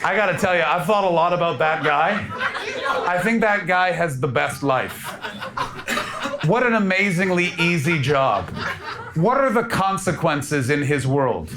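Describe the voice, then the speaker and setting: On a live comedy club stage, a Canadian stand-up comedian in his thirties tells stories in a slightly high, slightly slow voice. He is animated, slipping into mock crying and character voices, while the room's crowd noise and audience laughter come through clearly.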